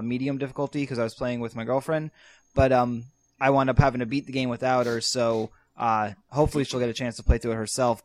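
Here is a young man chatting on a podcast in a loose, rambling way, full of ums and restarts. His voice sits at a middle pitch and sounds close and dry, with no room around it. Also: no room sound. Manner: rambling, hesitant with many fillers, laughs easily. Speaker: podcast co-host. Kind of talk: casual chat.

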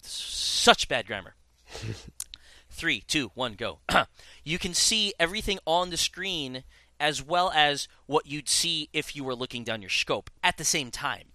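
A man's voice: fairly high pitch, animated, takes it slowly, bright, forceful tone, dry recording. A young man chatting casually about a game as a podcast host, rambling with many restarts. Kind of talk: casual chat.

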